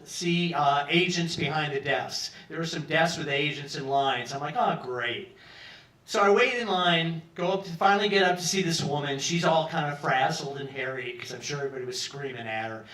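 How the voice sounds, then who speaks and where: A man in his sixties from Peoria, Illinois, tells a long personal story on a pub stage at a moderate pace in a slightly high voice. Animated and profane, he acts out other people's lines in this live monologue, recorded roomily from some distance.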